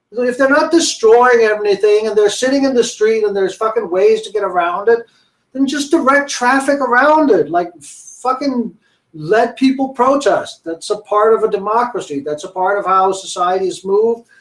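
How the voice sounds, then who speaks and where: A man arguing in a casual political debate, blunt and impassioned, with frequent swearing. His voice is high-pitched for a man. The recording carries a roomy echo. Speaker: podcast co-host. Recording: echoey room.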